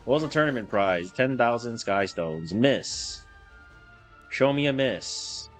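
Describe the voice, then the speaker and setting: Excitable young man chanting over gameplay. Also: mid-range voice. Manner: excitable, chants words rapidly over and over, swears freely. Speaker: game streamer. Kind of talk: casual live gameplay commentary. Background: faint game music.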